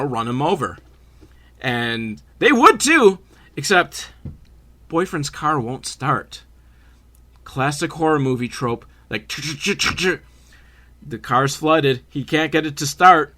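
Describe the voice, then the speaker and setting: A man's voice: on the high side, pushed and bright. A man hosting a podcast, casually recapping a horror movie with sarcastic, swearing asides. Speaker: podcast host.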